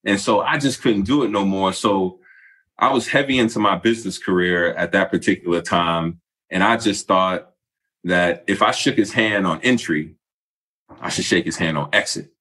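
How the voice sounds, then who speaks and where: A man's voice: sits low, moderate pace. A man, a former basketball player candidly telling a story in casual chat. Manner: relaxed, candid storyteller, acts out quoted voices.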